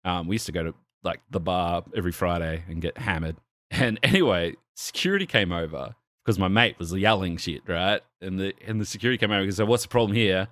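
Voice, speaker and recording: A man's voice: low voice, a little fast, fairly bright tone, dry recording, clean studio sound. Man telling a rowdy story. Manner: swearing, laughing, acts out quoted voices. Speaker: podcast co-host. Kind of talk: casual podcast chat, storytelling. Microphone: desk microphone with arm.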